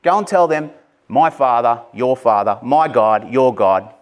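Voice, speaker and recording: A male pastor delivers an Easter sermon with real passion, leaning hard on key words and then dropping into chatty, offhand asides. His pitch sits in an ordinary middle range, and he keeps the tone personal, as if talking with the congregation. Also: unhurried. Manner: passionate, animated, conversational with asides.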